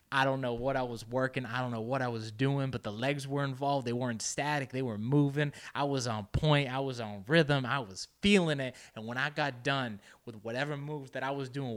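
A man's voice: medium pitch, a bit bright. A man vlogging in a rambling, self-mocking way, switching between English and Spanish. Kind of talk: casual monologue mixing English and Spanish.

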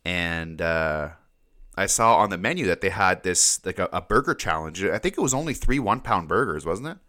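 A man's voice: deep voice, lively intonation, normal speed, pushed and bright. A man in casual podcast chat who rambles, stammers over repeated words and laughs often.

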